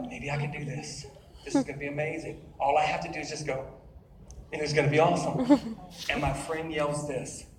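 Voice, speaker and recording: A man giving a humorous sermon-style story to a live audience, acting out voices and laughing often. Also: on the high side. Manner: animated, acts out quoted voices, laughs often. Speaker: speaker at a youth conference. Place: large hall with live audience. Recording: echoey hall from far off, loud audience.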